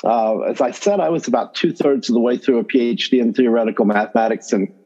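A middle-aged man with a gentle North Carolina accent talks through his path into teaching as an interview guest. He is relaxed and quick to chuckle, with a voice of ordinary pitch. The recording sounds slightly dull and muffled. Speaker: guest, math education professor. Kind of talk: conversational interview.

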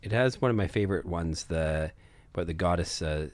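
A man's voice: low-pitched, fairly quick, dry recording. A man who runs tabletop games, chatting casually and earnestly with some hesitation. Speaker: podcast co-host, game master.

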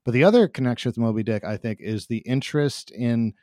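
A man's voice: medium pitch, a little fast, mellow, dry recording, clean studio sound. A man hosting a casual movie podcast, rambling with many fillers and restarts.

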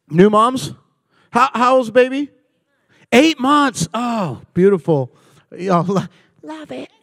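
A man in his forties giving a comedic talk to a live church audience, telling animated stories and bantering with the crowd. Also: high voice, dry recording. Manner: animated storytelling, acting out dialogue and bantering with the audience. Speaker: guest speaker at church. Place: church service.

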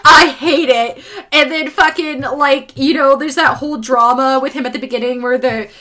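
A woman's voice: high voice, steady tone, normal speed, pushed and bright. A woman in casual podcast chat, exasperated and swearing as she recaps a show and acts out quotes.

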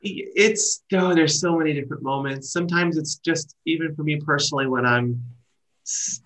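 A middle-aged man, a wedding planner and guest, telling stories in casual conversation with lively restarts and trailing phrases. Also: mid-range voice, low-quality recording. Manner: animated storyteller, trailing restarts.

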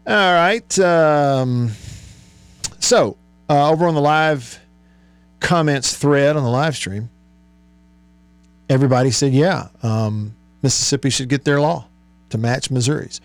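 Unhurried and prone to long pauses, a sports radio host with a mid-range, clean-toned voice reads listener texts on his call-in show. He mulls them over chattily with many fillers, in a dry recording.

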